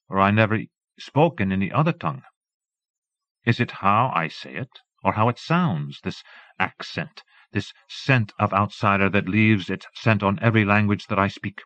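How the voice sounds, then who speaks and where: A man narrating an audiobook in a measured literary reading, recorded close to the mic and transferred from an old cassette. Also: on the low side, fairly bright tone, no room sound, muffled recording.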